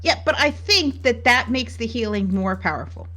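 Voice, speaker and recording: A woman's voice: fairly high pitch, expressive, moderate pace, sharp tone. Thoughtful woman in casual podcast chat. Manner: thoughtful, builds arguments with restarts. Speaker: podcast co-host.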